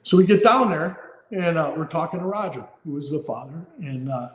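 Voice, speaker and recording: A man in his fifties tells a story in an earnest, heartfelt way, with plenty of fillers and restarts. His voice sits a little high for a man. The recording is roomy, with a long reverb tail. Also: brisk. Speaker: firefighter guest. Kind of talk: podcast interview storytelling.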